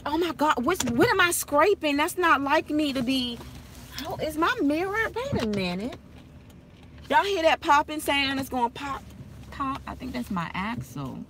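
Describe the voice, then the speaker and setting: A woman vlogging from inside her car, telling stories to her viewers in a chatty, animated way and laughing often. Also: high-pitched, slight background noise. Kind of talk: casual chat while driving.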